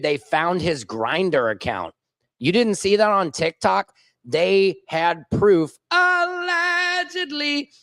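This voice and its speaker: A man with a fairly high voice hosts a casual political livestream with no echo. Combative and mocking, he reads viewer comments aloud and taunts his critics.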